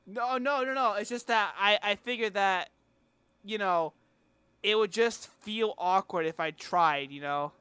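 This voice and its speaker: A man's voice: high-pitched, a little slow, pushed and bright, smooth, no echo. A young man co-hosting a casual podcast chat, rambling, crude and self-mocking, laughing through his stories. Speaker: podcast co-host.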